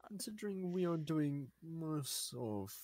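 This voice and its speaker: A tabletop player who speaks in a measured, wry way. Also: medium pitch, big pitch swings, noisy background. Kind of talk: casual tabletop play.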